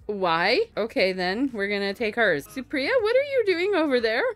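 A woman's voice: a little high, big pitch swings, moderate pace, soft background music. A young woman giving casual let's play commentary, chatting along and scolding the characters on screen. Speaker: gameplay streamer.

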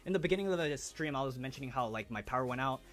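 A young man hosting a live stream, chatting casually and excitedly with viewers in slang as he opens trading cards. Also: medium pitch, racing.

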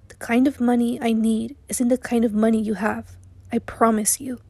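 A woman voicing a miserable, guarded young man who speaks quietly and hesitantly, in an audiobook reading. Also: on the high side, flat delivery, moderate pace, breathy edge, dry recording. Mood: wretched.

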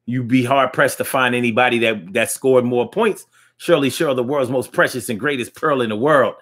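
A man's voice: mid-range voice, moderate pace, fairly bright tone. A man hosting a casual live-stream talk show, chatting loosely with slang and lots of restarts, reading viewer comments aloud.

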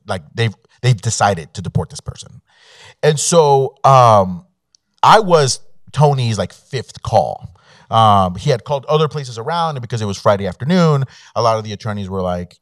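A man's voice: medium pitch, lively intonation, fairly quick, no echo, clean studio sound. A man, an immigration attorney, telling a personal story to an audience in a conversational way, with fillers and quoted dialogue. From Mexico. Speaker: immigration attorney, guest speaker. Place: law school event room.

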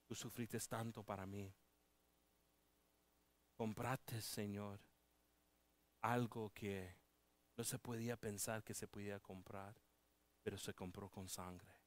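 A man preaching a sermon, moving between loud proclaiming and hushed pleading, with halting restarts. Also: on the low side, no room sound. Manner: halting, with many restarts and fillers. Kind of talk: bilingual sermon. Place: church.

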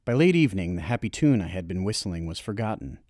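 Man narrating an audiobook with lively intonation. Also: low voice, dry recording, clean studio sound. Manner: measured, expressive storytelling.

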